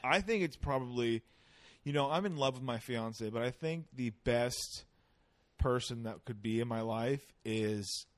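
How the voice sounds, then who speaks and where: A man's voice: medium pitch, a little slow. A man chatting casually as a podcast guest, rambling through jokes and tangents with a lot of swearing. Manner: joking, rambling, profane. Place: Sacramento.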